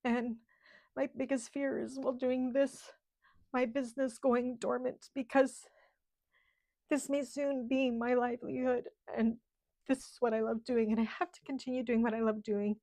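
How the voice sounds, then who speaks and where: A middle-aged woman, a channel host in casual livestream chat, talking in a heartfelt, halting way with many ums while holding back tears. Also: fairly high pitch, little pitch movement, mellow, no echo, studio quality. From Canada.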